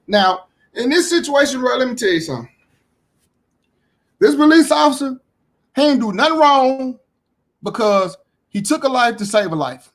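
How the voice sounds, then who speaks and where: A man giving casual reaction commentary, blunt and heated, repeating himself, swearing freely and rising to shouts when indignant. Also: extremely high pitch, big pitch swings, moderate pace, long pauses.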